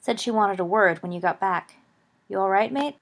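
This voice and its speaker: A woman's voice: medium pitch, normal speed, gravelly. A woman reading the part of a blunt, bored teenage schoolboy with an offhand, rude manner. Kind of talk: audiobook character reading.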